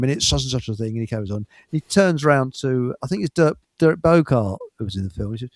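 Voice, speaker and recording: A man's voice: medium pitch, expressive, a little fast, gravelly, no echo. An older man, host of a live stream, telling stories in a rambling, stammering way and chuckling often. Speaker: show host. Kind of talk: casual storytelling on a live stream.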